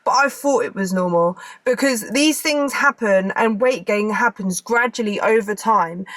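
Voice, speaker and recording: A woman's voice: on the high side, no room sound. Chatty woman vlogging from her car. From England. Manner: chatty, rambling, many fillers. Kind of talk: casual chat to camera. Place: inside a parked car.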